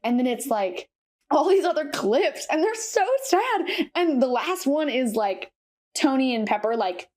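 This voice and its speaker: Young woman podcast co-host, animated rambling storyteller, slightly high voice. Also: unhurried. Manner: animated, retells stories with lots of fillers. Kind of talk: casual chat.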